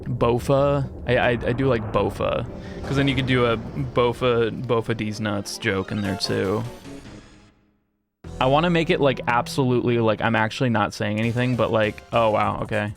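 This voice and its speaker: A man's voice: mid-range voice, normal speed, creaky, over music. A man streaming a game, rambling casually, swearing often and riffing on silly name puns. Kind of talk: casual live-stream chatter while gaming.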